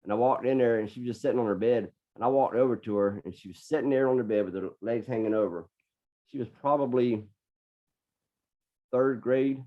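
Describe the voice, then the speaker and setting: Here a middle-aged man appears as a guest on a podcast, his voice on the lower side. He recounts a personal story in an earnest manner, with frequent repeated words while he organizes his thoughts. The audio has a dull, lo-fi podcast quality.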